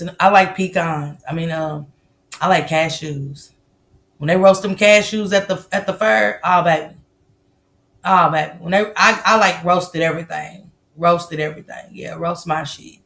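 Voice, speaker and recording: With a lowish, fairly bright voice, a Southern American woman casually chats with her livestream audience and reads their comments. She talks loosely, swears freely, and laughs a lot.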